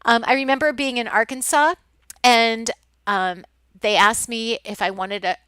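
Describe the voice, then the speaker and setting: A woman from the Midwest, with a Midwestern accent, teaches a class over slides in a loose, chatty way, with frequent ums and false starts. Her voice is a touch high and smooth, and it sounds close and dry, with no room around it. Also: steady tone, a little slow, fairly bright tone, no echo. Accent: Midwestern American. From American Midwest. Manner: chatty, many ums and restarts. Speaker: college instructor. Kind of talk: recorded lecture over slides.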